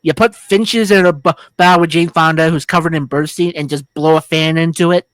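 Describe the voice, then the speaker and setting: A woman's voice: low-pitched, fairly even intonation, fairly quick, no echo. A woman co-hosting a film review podcast, talking casually in a rambling, jokey, crude way with many restarts. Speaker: podcast co-host.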